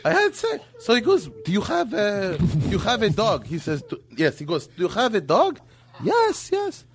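A man telling a long joke on a podcast in broken English, laughing at his own lines and shouting the doctor's part. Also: high-pitched, big pitch swings, moderate pace, faint music behind. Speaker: comedian guest.

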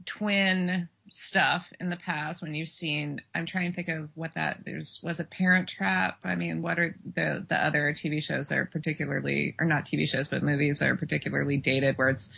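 Woman, casual TV review chat, bright and husky, emphatic, chatty. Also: sits low, fairly even intonation, normal speed, hardly any pauses. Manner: chatty, emphatic, laughs often. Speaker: podcast co-host and TV blogger.

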